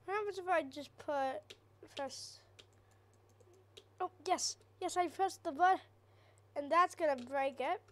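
A woman's voice: high-pitched, unhurried, pauses often. A woman hosting a gaming channel, giving nervous, chatty let's-play commentary on a horror game and talking to her viewers.

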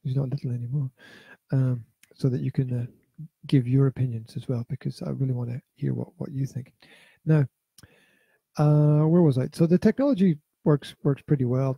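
A man's voice: a little high, creaky, warm tone, slightly rough, dry recording. A middle-aged father chatting casually as a podcast co-host, rambling and repeating his words with hesitant fillers. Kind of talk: casual chat reviewing a VR game.

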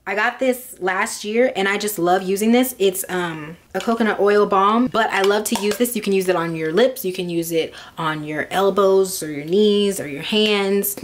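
A young woman vlogging casually, rambling and chatty with lots of fillers as she goes through things. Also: fairly low pitch. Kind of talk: casual chat.

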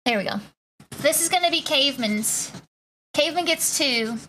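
High, bright-voiced woman streamer. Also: animated, moderate pace, a little hiss or hum. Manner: chatty, greets viewers by name, playful slang. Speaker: Twitch streamer. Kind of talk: casual live-stream chat with viewers.

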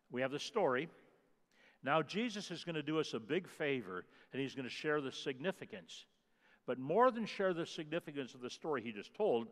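A man's voice: medium pitch, fairly bright tone, in a large hall. A man preaching a sermon as pastor, emphatic, repeating key phrases and stressing single words for weight. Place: church sanctuary.

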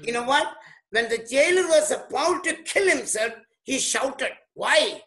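A man pastor preaching a sermon emphatically, breaking in to comment on the scripture reading and sometimes shouting. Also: very high-pitched, animated, measured pace. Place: church.

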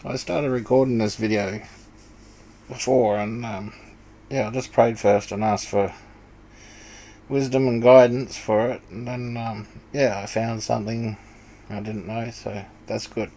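A man's voice: fairly low pitch, steady tone, measured pace, warm tone, low-quality recording. A man casually explaining Bible passages over a screen share, hesitant and full of ums and restarts. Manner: plain, conversational explaining. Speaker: Bible study video maker.

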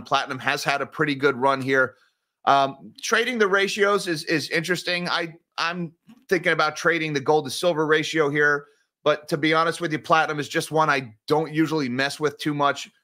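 A man's voice: a little high, sharp tone. A man hosting a finance channel, chatting casually through viewer comments and correcting himself as he rambles. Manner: rambling, conversational, self-correcting. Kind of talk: casual livestream chat reading viewer comments.

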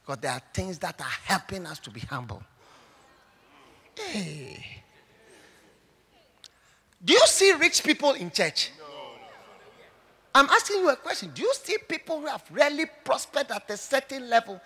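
A male pastor with a Ghanaian English accent preaching a sermon to a church congregation. He swings dramatically between hushed tones and shouts. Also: very high-pitched, huge pitch swings, unhurried, pauses often. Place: church service hall.

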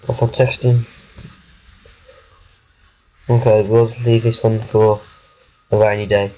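A man's voice: fairly low pitch, flat delivery, slow, dark tone, lo-fi sound, a little hiss or hum. A young man giving casual gameplay commentary, jumpy and muttering, exclaiming when scared. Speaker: gaming video creator.

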